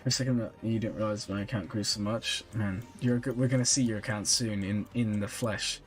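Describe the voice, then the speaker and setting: A man's voice: lowish voice, fairly quick, soft background music. Tired, chatty male streamer. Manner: relaxed, chatty, reads and answers chat comments with small laughs. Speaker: streamer reviewing viewers' game accounts. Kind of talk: casual live-stream chat.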